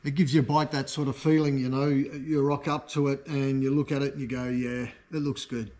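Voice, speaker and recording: A man's voice: medium pitch, little pitch movement, a little fast, a little mellow. A man hosting a casual product showcase vlog for his motorcycle parts shop, enthusiastic and easygoing. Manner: enthusiastic, easygoing, talks like a salesman.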